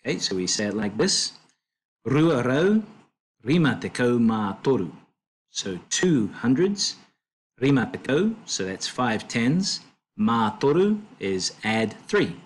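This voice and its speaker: A man tutoring a language lesson, explaining slowly and patiently with fillers and self-corrections. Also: medium pitch, very animated, husky.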